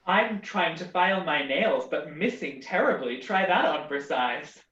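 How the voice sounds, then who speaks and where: A man's voice: a little high, expressive, unhurried, a bit bright, dull audio, slight background noise. A man playing an improv comedy game on a video call, giving easygoing one-liners. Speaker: improv performer. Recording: echoey distant video call audio.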